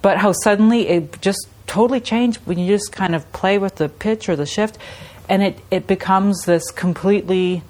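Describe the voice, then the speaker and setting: A woman's voice: mid-range voice, moderate pace. A middle-aged woman, an artist, chatting casually in an interview and telling stories with laughs and imitations. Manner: animated storytelling with laughs and imitations. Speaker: artist guest.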